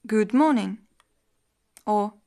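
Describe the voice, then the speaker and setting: A woman teacher reading a scripted lesson in an even, measured explanatory tone. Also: medium pitch, creaky. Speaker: language teacher.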